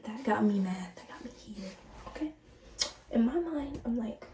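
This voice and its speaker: A woman's voice: fairly high pitch, normal speed, noisy background. A woman in her late teens chatting to viewers in a casual storytime while doing her skincare. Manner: chatty, animated, addresses viewers directly. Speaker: vlogger. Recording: roomy and distant from the mic.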